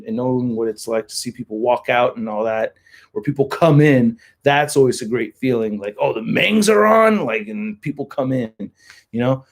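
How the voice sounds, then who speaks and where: A man's voice: medium pitch, a little mellow. A man from California with a Californian accent, hosting a casual livestream chat and rambling with lots of filler words. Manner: rambling, heavy use of "like" fillers. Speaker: livestream host.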